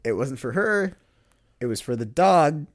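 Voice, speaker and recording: A man hosting a podcast, telling a personal story in a casual, animated way and laughing between lines. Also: a little high, a little slow. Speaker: podcast host.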